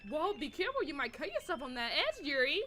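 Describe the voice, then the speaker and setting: A woman's voice: high-pitched, sing-song, fast talker, noisy background. A woman voicing a feisty, prickly teen girl club member, reading game dialogue aloud with snappy, indignant retorts.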